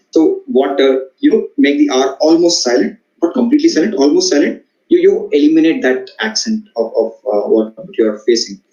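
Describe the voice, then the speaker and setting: A man with an Indian English accent, a communication trainer lecturing students in a halting way, with many fillers and repeated words. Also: mid-range voice, darkish tone. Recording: echoey, dull-sounding room recording.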